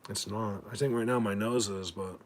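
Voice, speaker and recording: With a ringing whistle in his ears bothering him, a man on a casual livestream stammers and rambles through thanking his viewers. He keeps a steady tone at a moderate pace, his voice fairly low.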